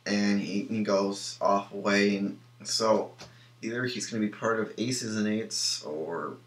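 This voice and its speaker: Young male reviewer, lowish voice, casual and opinionated, echoey room. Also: fairly even intonation, measured pace. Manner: rambling, many ums and restarts, opinionated. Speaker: wrestling show reviewer.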